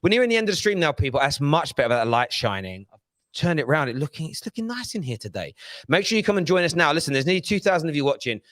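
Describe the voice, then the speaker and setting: A man hosting a live football stream, energetic and animated. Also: on the high side, very fast, dry recording. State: out of breath. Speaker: host.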